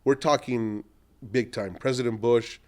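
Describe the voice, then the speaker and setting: A middle-aged man, an entrepreneur, telling long animated anecdotes in a podcast interview and acting out what other people said. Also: mid-range voice, a little slow. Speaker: entrepreneur guest.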